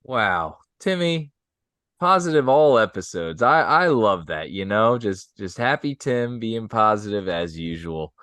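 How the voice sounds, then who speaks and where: A man's voice: fairly low pitch, lively intonation, a little slow, fairly bright tone, no room sound. A man co-hosting a podcast, teasing and upbeat in casual chat. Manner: teasing and upbeat, laughs easily. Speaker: podcast co-host.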